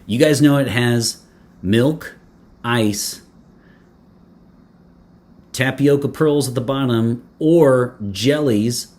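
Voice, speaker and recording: A man's voice: medium pitch, drawn-out words, pauses often, darkish tone. A man reviewing a fragrance in casual talk to camera, playful and chatty, with many fillers, restarts and joking asides.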